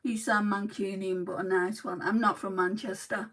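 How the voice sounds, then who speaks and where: A woman's voice: mid-range voice, steady tone, moderate pace, fairly bright tone, far from the mic, low-quality recording. A woman from Lancashire with a Lancashire accent, chatting casually on a beauty livestream as she answers viewer comments. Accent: Lancashire English. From Lancashire, England.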